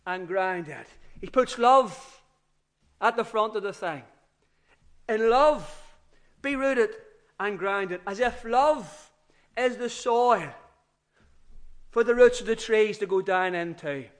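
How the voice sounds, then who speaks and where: Male preacher, high voice, unhurried emphatic delivery, repeats key phrases for stress. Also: fairly bright tone. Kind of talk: sermon.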